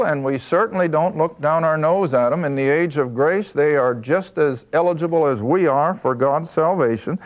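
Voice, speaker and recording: A man teaching a Bible study lesson, emphatic and slowing down to stress key points. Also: a little high, highs cut off.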